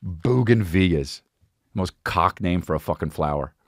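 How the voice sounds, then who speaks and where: A man hosting a podcast, telling a comic story in an animated, rambling, profane way. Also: low voice, measured pace, dry recording, studio quality. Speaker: podcast host.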